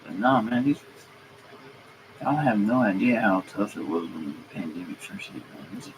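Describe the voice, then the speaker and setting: A man's voice: on the low side, normal speed, background noise. A man streaming a comedic rant, griping heatedly and swearing freely as he goes. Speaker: streamer and mechanic. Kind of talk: comedic ranting monologue.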